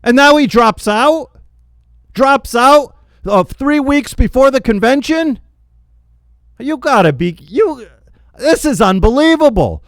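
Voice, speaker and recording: Furious man ranting, high lively voice. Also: measured pace, no echo. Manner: yelling, venting, stuttering in frustration; repeats phrases for emphasis. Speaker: political vlogger. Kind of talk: angry spoken rant.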